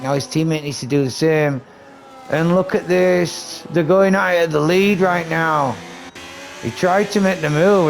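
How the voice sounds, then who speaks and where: A man giving casual, excitable live commentary on a sim racing league, chatty and swearing casually, with game noise behind him. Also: on the high side. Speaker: race commentator.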